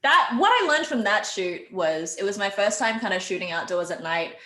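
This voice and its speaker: A woman's voice: medium pitch, animated, normal speed, pushed and bright, reverberant. A woman guest on a call, chatting casually and laughing easily with a lot of likes and ums. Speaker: actress and filmmaker guest. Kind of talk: casual interview chat.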